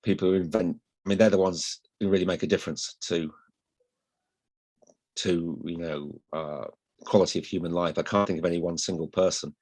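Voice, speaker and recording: A middle-aged man from Hull with a slight northern accent and flat vowels, chatting as an interview guest in a rambling, self-deprecating way. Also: low voice, brisk. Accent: slight northern English, flat vowels. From Hull, England. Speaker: guest, newspaper columnist. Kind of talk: casual interview chat.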